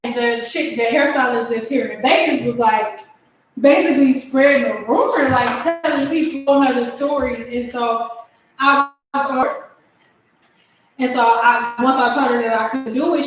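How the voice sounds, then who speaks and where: A young woman, a hairstylist, telling a long story in a casual vlog at home, rambling with many restarts and a lot of "like". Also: fairly high pitch. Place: home, cooking while talking. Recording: very echoey room.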